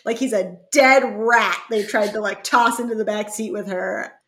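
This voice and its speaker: A woman co-hosting a podcast in casual chat, animated and profane as she acts out the people she quotes. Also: mid-range voice, moderate pace. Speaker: podcast co-host.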